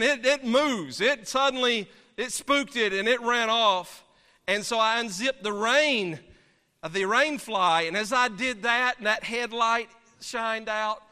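A man, a pastor, preaching and telling a story from the pulpit in an animated, dramatic way, heard in a church sanctuary. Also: high-pitched, clear, resonant tone. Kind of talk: sermon storytelling. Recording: long reverb of a large hall.

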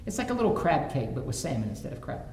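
A man's voice: fairly high pitch, big pitch swings, quick pace, darkish tone. A man preaching a sermon as pastor, telling stories from his own family life and rising to fervent emphasis. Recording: roomy echo, faint background noise.

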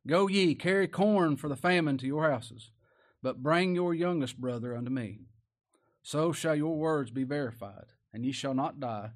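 Man doing a stern ruler, higher-pitched, commanding, from a sermon. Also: normal speed, natural voice. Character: stern powerful man testing his brothers.

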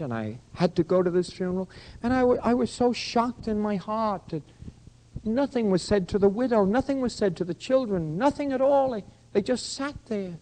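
An older man preaching a sermon as pastor, dropping to a hush and then rising to loud, pressing questions at his congregation. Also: high-pitched, rough recording. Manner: swings from hushed to loud preaching.

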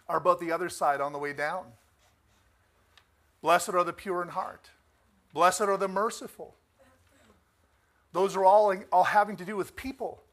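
A man delivers a sermon in a high-pitched voice, building his emphasis on key lines to near shouts. He keeps turning to the congregation with questions and calls for amen. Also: steady tone, normal speed, long pauses. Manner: asks the congregation for amens. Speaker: preacher.

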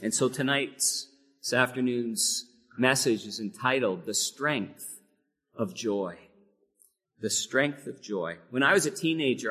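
A man delivering a church sermon with earnest conviction, his voice pitched in the middle range. He leans into key phrases with sudden emphatic force. A long reverb from the sanctuary trails every phrase. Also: pushed and bright. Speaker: pastor.

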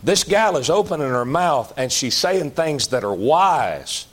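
A man preaching a sermon in a folksy, emphatic way, jumping to loud outbursts and dropping to low, slow asides. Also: big pitch swings. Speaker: pastor.

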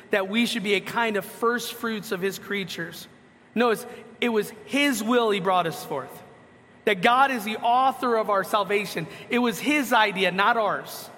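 A man with a high, bright voice preaches a sermon, reading passages of scripture aloud. He asks his listeners questions and answers them himself. His voice rings with the long reverb of a hall. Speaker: pastor.

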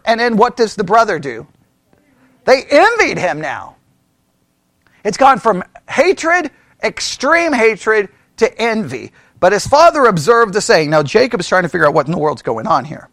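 A man leading a Bible study, animated, laughing often and asking the group rhetorical questions. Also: sits high, unhurried, dry recording.

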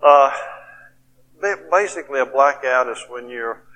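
A man's voice: medium pitch, lively intonation, measured pace, sharp tone. A middle-aged man preaching at a conference, telling a personal story in a folksy way and often saying "you know". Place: conference hall. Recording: long hall reverb.

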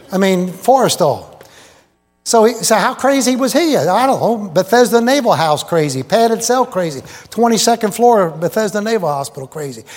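High-voiced folksy preacher in a reverberant hall. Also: male voice. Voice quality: folksy, rambling, with rhetorical questions to the crowd. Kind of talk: sermon. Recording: long reverb in a big hall.

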